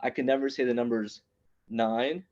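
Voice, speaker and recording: A man in his thirties, an immigrant raised in New York City, telling a stand-up comedy story with punchy, animated delivery and quick asides to the crowd. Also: mid-range voice, dull audio. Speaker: stand-up comedian at open mic.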